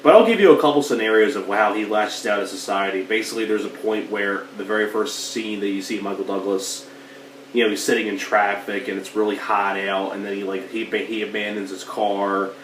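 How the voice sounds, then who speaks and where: A man's voice: on the low side, steady tone, normal speed, fairly bright tone. A man casually reviewing a film, rambling with lots of filler words and coughing now and then while getting over allergies. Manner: rambling, lots of "like" and "you know". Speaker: movie reviewer. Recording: roomy, distant mic, faint hiss.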